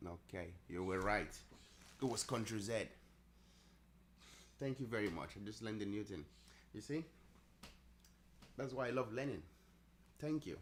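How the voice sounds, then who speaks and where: Deep-voiced man chatting on a live stream. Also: a little slow, pauses often, a little hiss or hum. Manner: chatty, answers viewers' chat messages. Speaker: livestream trading host. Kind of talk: casual live-stream chat.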